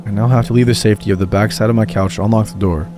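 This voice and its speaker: A man narrating true scary stories in a calm, scripted storytelling read. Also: fairly low pitch, racing. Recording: voice-over with music behind.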